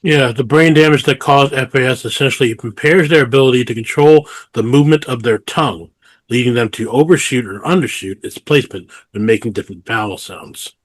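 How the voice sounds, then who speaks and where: Podcast co-host, adult man, laid-back, thinks out loud, dry close-mic sound. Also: mid-range voice, a little fast, no echo. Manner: easygoing, muses aloud. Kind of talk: casual chat, reading out news stories.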